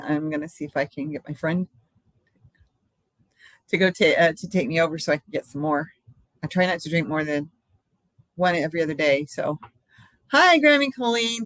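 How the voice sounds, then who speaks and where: A woman's voice: deep voice, no room sound. An older woman hosting a casual live stream, chatting in a rambling way from home and laughing often.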